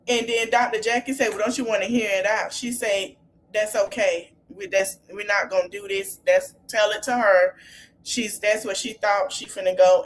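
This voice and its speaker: Woman host, chatty recap, lively and quick to laugh, faint noise under the voice. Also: mid-range voice. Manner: animated, laughs often while retelling scenes. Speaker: podcast host. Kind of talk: casual reality TV recap.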